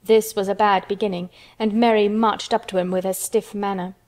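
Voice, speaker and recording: A woman reading a children's storybook aloud in steady, measured narration. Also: medium pitch.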